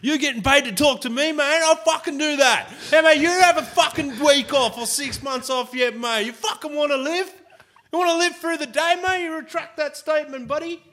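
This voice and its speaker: A man's voice: lowish voice, little pitch movement, fairly quick, few pauses, warm tone, voice pushed down, lightly acted. A man with an Australian accent voicing a furious, foul-mouthed tradie caller who swears and makes threats.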